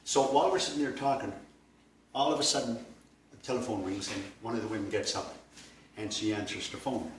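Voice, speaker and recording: A man teaching a language workshop, telling anecdotes in a lively way and laughing along with them. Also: mid-range voice, fairly quick. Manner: lively, laughing as he tells stories. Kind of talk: anecdotal storytelling lecture. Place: workshop room. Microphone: distant mic. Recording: echoey room, far from mic, noisy.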